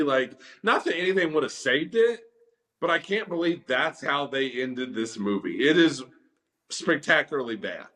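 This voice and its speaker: A man's voice: a little high, expressive, normal speed, fairly bright tone. Hesitant man co-hosting a movie chat. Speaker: podcast co-host. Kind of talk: casual movie review chat.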